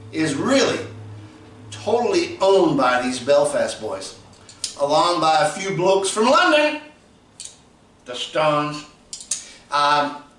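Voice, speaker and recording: A man hosting a record review show, talking in casual, excitable hip sixties slang. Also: high voice, distant mic. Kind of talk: casual enthusiastic monologue. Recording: roomy echo, off-mic, faint noise.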